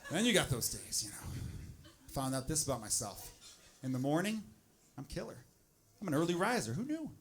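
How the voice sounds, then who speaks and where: A man in his thirties doing a blunt, animated stand-up comedy set on a club stage, acting out his own exasperated inner voice. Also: fairly high pitch, moderate pace. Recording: noisy live room with audience.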